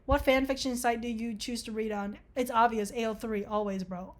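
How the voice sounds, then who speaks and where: A woman's voice: fairly high pitch, fairly even intonation, moderate pace, hardly any pauses. Swearing, sarcastic young woman vlogger. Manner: sarcastic, swears a lot, laughs often. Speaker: vlogger taking an online quiz. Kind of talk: casual commentary reading a quiz aloud.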